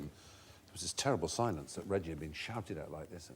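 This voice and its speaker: A man's voice: low-pitched, fairly quick, slight background noise. A man hosting a TV quiz show in a studio, telling anecdotes with relish. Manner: animated anecdotal, puts on voices for quotes. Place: TV studio before an audience.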